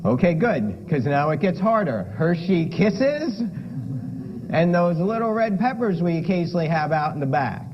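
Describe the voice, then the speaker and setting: A man with a high, very lively voice gives a playful lecture with props and keeps quizzing his audience. The recording is dull and lo-fi, with clear noise behind him. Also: normal speed. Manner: playful, asks the audience questions. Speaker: lifestyle medicine lecturer.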